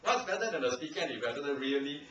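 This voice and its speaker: This humorous club-meeting speech is a teasing language evaluation from a Singaporean man speaking Singaporean English, full of laughter. He talks fast and expressively in a fairly high voice. Recorded from a distance on a handheld camcorder in an echoey, noisy meeting room before a live audience, the audio is muffled.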